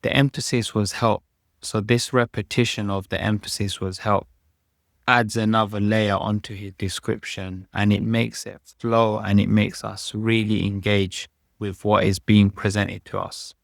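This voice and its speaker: Measured British man teaching English. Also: fairly low pitch, level tone, gravelly, no room sound, studio quality. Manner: measured, explanatory, reads quoted passages aloud. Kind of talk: explaining a lesson.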